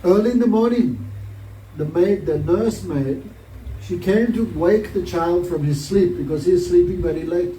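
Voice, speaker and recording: Man, high voice, mellow tone, devotional class storyteller, rhetorical questions, distant mic, roomy echo. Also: normal speed. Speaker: spiritual teacher.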